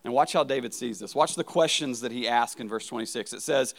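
A man's voice: mid-range voice, a little fast, gravelly, a bit bright. A man preaching a sermon as a pastor, talking in a casual, conversational way, often checking in with "right?" and restarting words.

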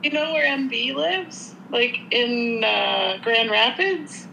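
A woman's voice: a little high, takes it slowly, vocal fry, sharp tone, a little hiss or hum, poor audio. A woman with a Canadian accent, chatting casually on a podcast in a laid-back way, with fillers and easy laughs. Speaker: podcast co-host. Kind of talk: casual chat.

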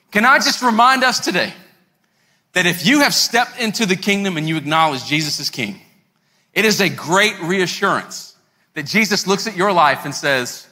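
A male pastor in his thirties preaches with a sharp, very bright voice that sits a little high. He tells his story conversationally to the congregation. The sound carries a long hall reverb with faint music underneath. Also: expressive, moderate pace. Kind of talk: sermon. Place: church sanctuary.

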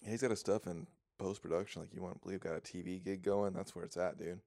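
Low-voiced man joking on a podcast. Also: fairly even intonation, fast talker, vocal fry, mellow, dry recording, studio quality. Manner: jokey, rambling, laughs often. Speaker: podcast co-host. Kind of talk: casual movie podcast banter.

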